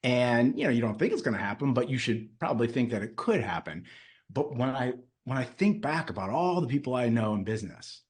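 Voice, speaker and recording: A man's voice: mid-range voice, big pitch swings, fairly quick, a little mellow. A man hosting a casual interview, talking in a friendly, familiar way with a guest he knows well. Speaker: podcast host.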